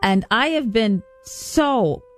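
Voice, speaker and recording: Female radio co-host, higher voice, animated self-deprecating storyteller, light music bed behind. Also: slow pace. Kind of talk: casual radio banter.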